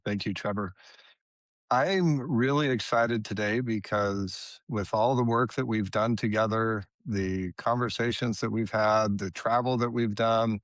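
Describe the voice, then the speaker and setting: Male podcast host, earnest and sincere, lower voice. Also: fairly bright tone, dry recording. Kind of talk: interview.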